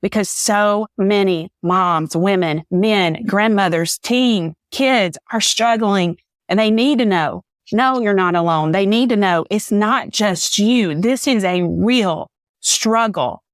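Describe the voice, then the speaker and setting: A woman's voice: medium pitch, slow pace, dry recording, clean studio sound. A woman, a podcast guest giving an earnest, faith-filled personal testimony, a little teary. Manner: earnest, faith-filled storytelling, says "y'all".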